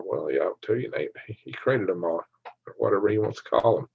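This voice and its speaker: A man with a Southern twang hosting a casual livestream, talking quickly, joking and laughing often as he reads viewer comments. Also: low voice, huge pitch swings, gravelly, breathy edge, dry recording. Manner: fast talker, laughs often, jokey. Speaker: livestream host. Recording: dry, dull lo-fi stream audio.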